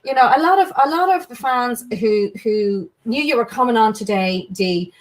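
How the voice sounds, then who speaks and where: A woman's voice: on the high side, animated, normal speed. A woman with an Irish accent hosting a casual video-call chat, gushing and agreeing, with many fillers. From Ireland. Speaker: host.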